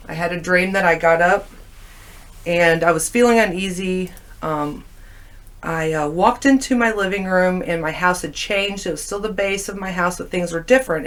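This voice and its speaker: A woman guest in casual conversation, telling stories animatedly and acting out what people said. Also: lowish voice. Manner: animated storyteller, acting out quoted lines. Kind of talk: casual chat.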